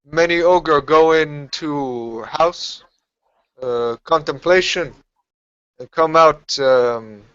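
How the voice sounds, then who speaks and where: A man doing a halting, blunt ogre. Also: a little high, fairly bright tone, smooth, dry recording, voice pushed up. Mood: earnest. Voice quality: broken, halting speech. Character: blunt ogre man speaking broken common. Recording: dull lo-fi sound.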